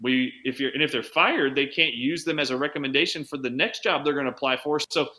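A man who works as a chiropractor, telling an animated story as an interview guest, changing his pace for emphasis. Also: mid-range voice. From United States. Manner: animated anecdote-teller, speeds up and slows down for emphasis. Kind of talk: conversational storytelling.

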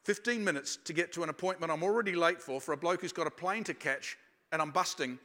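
A man preaching a sermon, telling personal stories in a reflective manner and slowing down for emphasis. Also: a little high, bright, forceful tone. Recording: long reverb of a large hall.

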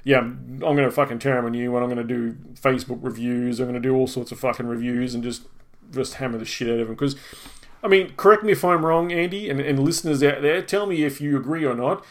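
A man's voice: mid-range voice, fast talker. Profane ranting man. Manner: profane, exasperated complaining. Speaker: podcast co-host. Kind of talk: casual ranting storytelling.

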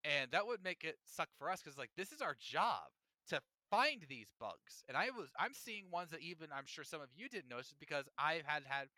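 A young man hosting a casual podcast, ranting in a playful, animated way. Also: on the high side, brisk, hardly any pauses, no echo. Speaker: podcast host.

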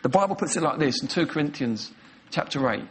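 A man's voice: a little high, animated, a little fast. A man preaching a sermon with passion and emphasis, retelling scenes and pressing his points home. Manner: impassioned, emphatic, acting out scenes in quoted voices.

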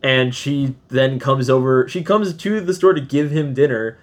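A man co-hosting a casual movie podcast, blunt and profane as he picks a film apart. His voice sits at an ordinary pitch, and he laughs at his own jokes. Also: measured pace. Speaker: podcast co-host. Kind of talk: casual movie review chat.

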